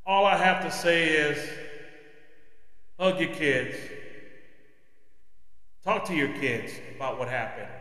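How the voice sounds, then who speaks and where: A man's voice: on the high side, animated, takes it slowly, long pauses, pushed and bright. A man hosting his own podcast, delivering an impassioned, preachy opinion monologue. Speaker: podcast host. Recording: echoey room with long reverb.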